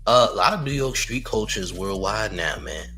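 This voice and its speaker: A man's voice: lowish voice, expressive, moderate pace, bright, forceful tone, faint music behind. A young man hosting a livestream commentary show, reading chat and boasting and trash-talking in a repetitive way, with laughs between lines. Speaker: YouTube commentary host.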